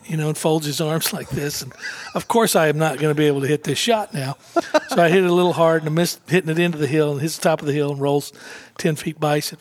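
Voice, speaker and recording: A man, a guest on a talk show, telling an anecdote in a casual, animated way, acting out quotes and laughing often. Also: a little high, fast, few pauses. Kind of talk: casual storytelling interview.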